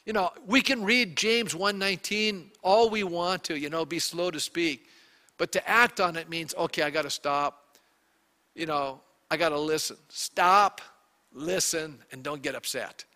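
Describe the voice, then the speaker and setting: Bright-voiced male pastor preaching. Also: fairly high pitch, unhurried, big-room sound. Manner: conversational preaching with rhetorical questions to the congregation. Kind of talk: sermon.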